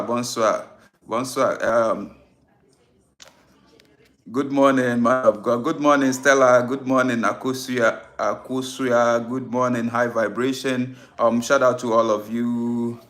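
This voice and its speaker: A man hosting a spiritual live stream in casual talk. He speaks in an unhurried way, greets viewers by name and repeats phrases. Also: mid-range voice, fairly even intonation, fairly bright tone.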